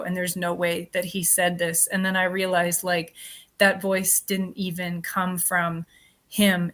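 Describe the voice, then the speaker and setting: A woman speaking as an interview guest, telling a story in a chatty, animated way with lots of filler words. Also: mid-range voice. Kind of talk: casual interview chat.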